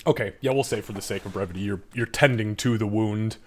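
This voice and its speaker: Casual, profane game master. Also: male voice, lowish voice, fast, darkish tone. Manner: loose, profane, full of fillers. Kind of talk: narrating a tabletop game.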